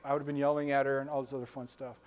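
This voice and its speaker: A man's voice: mid-range voice, flat delivery, very fast. A man in his sixties preaching a conversational sermon, telling folksy stories, chuckling often and putting questions to his listeners. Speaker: pastor.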